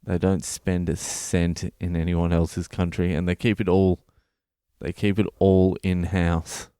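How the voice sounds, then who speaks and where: Deep-voiced Australian man ranting comedically. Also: level tone, measured pace, mellow, clear, resonant tone, no echo, studio quality. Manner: profane, ranting. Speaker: comedian podcast host. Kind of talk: comedic monologue.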